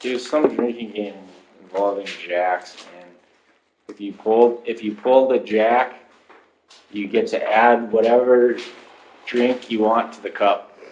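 Low laid-back guy, roomy lo-fi. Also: fairly even intonation, a little slow, darkish tone, slight background noise. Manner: laid-back, hesitant explainer. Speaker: podcast guest. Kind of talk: casual chat. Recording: roomy, dull lo-fi sound.

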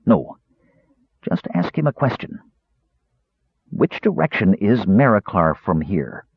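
A man's voice: lowish voice, big pitch swings, slow pace, breathy edge, dry recording, exaggerated voice. A man voicing Raistlin, a cold young male mage who speaks in a terse, clipped and commanding way, in a dull lo-fi storybook reading. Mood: curt. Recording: dull lo-fi recording.

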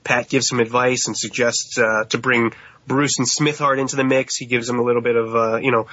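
A man co-hosting a podcast, telling stories in a lively way and slipping into put-on voices. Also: mid-range voice, a little fast, no echo, muffled recording. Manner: animated storytelling, mimics voices with laughs. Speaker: podcast co-host. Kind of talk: casual podcast chat.

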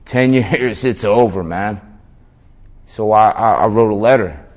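A man's voice: fairly low pitch, measured pace. A man telling a story in an interview in a casual way, full of slang, swearing and "man". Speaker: interview guest.

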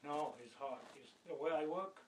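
Tired man, animated storyteller, non-native grammar, slightly high voice, distant, echoey room. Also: moderate pace. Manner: animated retelling, acting out quoted arguments, non-native grammar. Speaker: store worker telling about his job. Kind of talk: casual storytelling chat. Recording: roomy sound from a distance, faint background noise.

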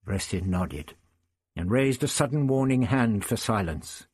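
A man reading a science-fiction story aloud in a deliberate, expressive way. His delivery is slow with a lively, rising and falling pitch. The voice is husky and recorded dry. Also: dry recording. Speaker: audiobook reader. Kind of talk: scripted narration.

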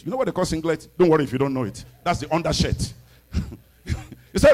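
Preacher guy, storytelling sermon, high lively voice, shouts a lot. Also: a little fast. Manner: animated storyteller, shouting declarations.

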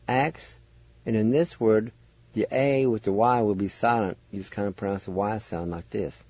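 A man teaching word spellings and pronunciation on a radio show, spelling letter by letter in a slow, patient way. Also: fairly low pitch, warm tone, husky, dry recording, dull audio. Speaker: language teacher and radio host.

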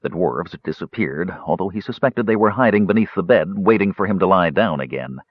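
A man with a very deep voice narrates a fantasy novel. His delivery rises and falls expressively. The recording is dry and slightly muffled. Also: brisk, slightly rough, no room sound. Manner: expressive, varied storytelling. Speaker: audiobook narrator. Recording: dull dry studio recording.

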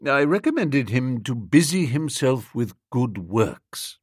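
A man voicing a middle-aged male valet who speaks in a formal, measured, unflappable way. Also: medium pitch, big pitch swings, slightly rough, dry recording, clean studio sound, exaggerated voice. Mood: deferential.

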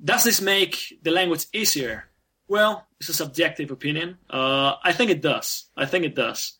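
Spanish-native male guest, American-trained English, talkative and full of restarts, bright tone. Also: on the high side, expressive, normal speed, breathy edge. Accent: American-trained English over a Spanish background. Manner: chatty, many restarts and fillers. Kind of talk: casual interview.

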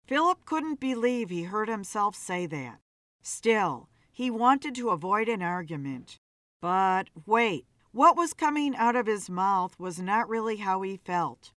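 Slow, expressive woman narrator. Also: medium pitch, dry recording, studio quality. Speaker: story narrator. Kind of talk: scripted narration.

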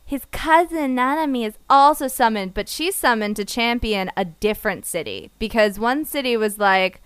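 Sarcastic woman with a smooth, higher voice. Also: expressive, moderate pace, hardly any pauses, a bit bright, no echo, studio quality. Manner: sarcastic, playful, laughs while talking. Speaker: podcast co-host reviewing anime. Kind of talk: casual chat.

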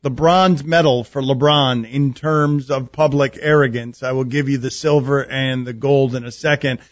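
A man's voice: mid-range voice, steady tone, normal speed, no room sound. A man hosting a sports talk radio show, wry and teasing, chuckling through his commentary. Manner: wry, teasing, laughing at his own jokes. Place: radio studio. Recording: dull radio studio sound, dry.

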